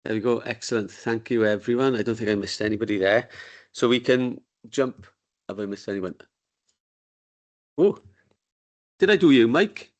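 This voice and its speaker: A man's voice: medium pitch, moderate pace, pauses often, muffled recording. A man chairing a council committee meeting. He speaks in an informal, joking way, with the sound of a desk microphone in a meeting room.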